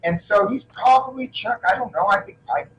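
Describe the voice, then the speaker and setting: A middle-aged man, an action film actor as a guest, telling animated anecdotes in a casual interview and often restarting his sentences. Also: high-pitched, fairly quick, lo-fi sound.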